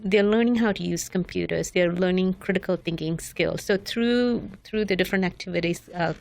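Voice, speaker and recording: A woman guest on a podcast, calmly explaining how a job-training program works, with some fillers. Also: on the low side, normal speed, creaky.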